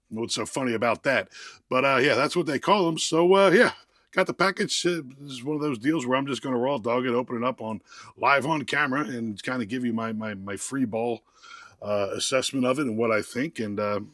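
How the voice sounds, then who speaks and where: A man's voice: medium pitch, a bit bright, no echo, clean studio sound. A man casually reviewing tools while unboxing them, rambling and joking with lots of restarts and fillers. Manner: rambling, jokey, self-interrupting. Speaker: tool reviewer.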